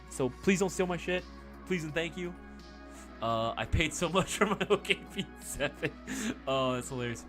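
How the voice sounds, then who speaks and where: A man hosting a casual live stream Q&A, excitable and profane, who laughs easily. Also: on the high side, fast talker, faint music behind.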